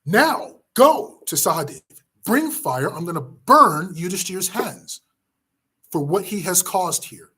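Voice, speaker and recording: A man voicing a huge, furious male warrior prince who speaks slowly and with raging emphasis. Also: high-pitched, sing-song, slightly rough, exaggerated voice.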